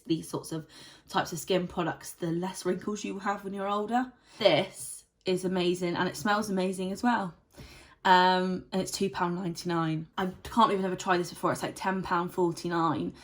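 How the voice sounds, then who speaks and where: Young woman, beauty vlogger, casual rambling review, mid-pitched, chatty. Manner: chatty and rambling, many "like" fillers.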